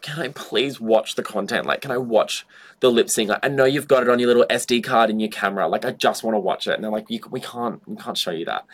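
A man's voice: medium pitch, a bit bright. A young man, a drag performer, chatting in an interview and telling stories in a loose way, full of "like" and casual swearing. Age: young adult. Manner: chatty storytelling, heavy on "like", swears freely.

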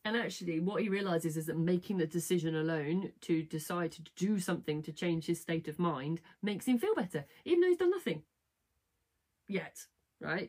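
Chatty woman, rambly, lowish voice. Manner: chatty, rambling, self-correcting, asks "right?" often. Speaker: live stream host. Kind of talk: casual chat retelling a book.

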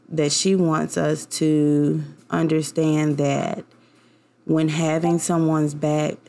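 A woman's voice: low-pitched, creaky, a little mellow. A young woman hosting her own podcast, talking in a casual, rambling and heartfelt way with many fillers. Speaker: podcast host. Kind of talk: casual personal podcast monologue.

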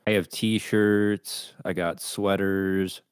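Blunt swearing young man, very deep voice, dry close mic. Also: little pitch movement, drawn-out words, smooth, dry recording. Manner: blunt, swears a lot, argumentative. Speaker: podcast co-host. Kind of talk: casual crude podcast banter.

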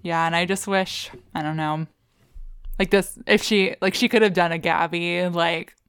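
A young woman co-hosting a podcast in casual chat, quick to agree and prone to giggly asides. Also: on the low side, fairly even intonation, clear, resonant tone. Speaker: podcast co-host.

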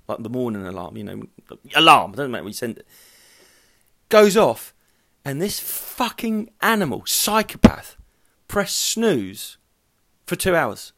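A man's voice: medium pitch, fairly bright tone. A man hosting a solo podcast, telling rambling, profane anecdotes in a casual chat style. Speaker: podcast host.

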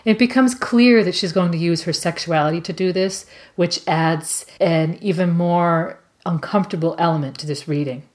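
A woman with a notably low voice discussing a book on a podcast. She speaks in a measured, thoughtful way and pauses now and then with small fillers. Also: darkish tone. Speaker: podcast co-host.

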